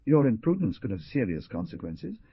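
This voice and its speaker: A man's voice: fairly low pitch, very animated, brisk, husky, no room sound, heavily acted. A man voicing a brooding, stern young frontier hero who gives commands. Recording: dull dry lo-fi recording.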